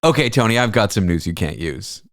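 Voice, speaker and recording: A man's voice: on the low side, sing-song, a little fast, fairly bright tone, dry recording, clean studio sound. A man hosting a comedy talk show, telling a story in a rambling, self-mocking way and laughing often. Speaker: host. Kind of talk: casual comedic chat.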